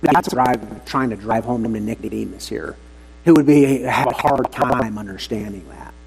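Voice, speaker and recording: A man's voice: mid-range voice, moderate pace, gravelly, slightly rough, rough recording. A man preaching an earnest, emphatic sermon to his congregation at a church service.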